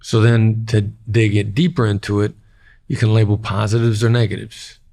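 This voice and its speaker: A middle-aged man with a lowish, gravelly voice, talking plainly as an interview guest. He hammers home his points by repeating short phrases. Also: little pitch movement, moderate pace, darkish tone. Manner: plain-spoken, repeats key phrases for emphasis. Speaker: guest, former hostage negotiator. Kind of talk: podcast interview.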